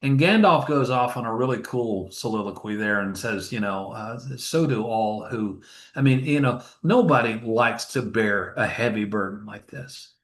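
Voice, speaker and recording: A man's voice: medium pitch, normal speed, few pauses, a bit bright. A man, a grief counselor being interviewed, telling stories in an earnest, emotional way. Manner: earnest, emotional, retells scenes with acted quotes. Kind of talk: storytelling interview talk. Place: funeral home.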